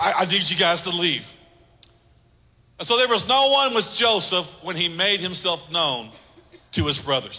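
Bright-voiced preaching man in a hall. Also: high voice. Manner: emphatic, repetitive, conversational preaching. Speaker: pastor. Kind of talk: sermon.

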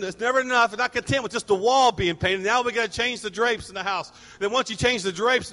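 A pastor preaching a sermon, telling stories animatedly and acting out people's voices. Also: male voice, high-pitched, brisk, few pauses, pushed and bright, in a large hall.

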